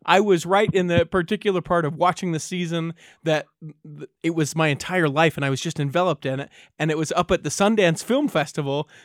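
A man's voice: on the high side, brisk, no room sound, clean studio sound. A man hosting a casual interview, giving short friendly responses and telling his own story. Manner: friendly, with frequent short backchannels and laughs. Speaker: host.

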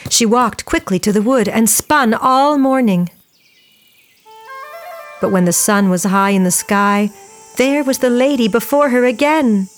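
Brief: woman storyteller, slightly high voice, expressive folktale telling for families. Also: unhurried, soft background music. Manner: expressive, shifts pace for suspense.

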